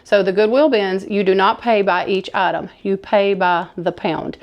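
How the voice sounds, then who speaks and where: A woman's voice: mid-range voice, steady tone, normal speed, lo-fi sound. A woman, chatting enthusiastically to camera as she shows off her thrift haul. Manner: chatty, enthusiastic, says y'all. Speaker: thrift vlogger showing a haul. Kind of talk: casual haul chat to camera.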